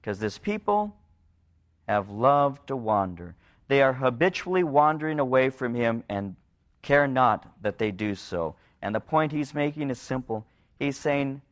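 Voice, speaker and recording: A man's voice: lively intonation, moderate pace, fairly bright tone. A man preaching a sermon, telling a scripture story earnestly and changing his voice for the quoted speakers. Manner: earnest, rising and dropping pitch to act out quoted voices.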